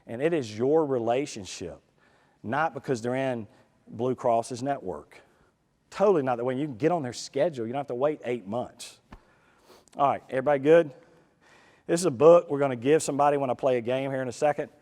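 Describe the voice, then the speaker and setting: Guy giving a conference talk, folksy and animated, keeps asking the crowd if they're good, hall echo around him. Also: medium pitch. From United States. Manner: animated, folksy, rapid asides to the audience. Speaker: conference speaker. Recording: reverberant hall.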